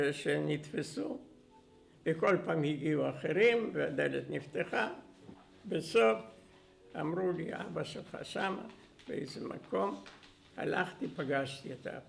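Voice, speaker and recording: An older man tells his memories at a quick clip in a fairly high, very raspy voice. His storytelling is brisk and broken by short pauses, with faint music underneath. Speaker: interviewee recounting wartime memories. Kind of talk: personal testimony.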